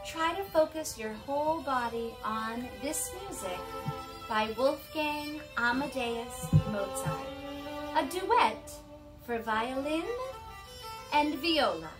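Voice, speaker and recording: Slow, lively-voiced woman music teacher. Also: sits high. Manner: bright, encouraging, speaks slowly and clearly to kids. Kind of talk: online music lesson for young children.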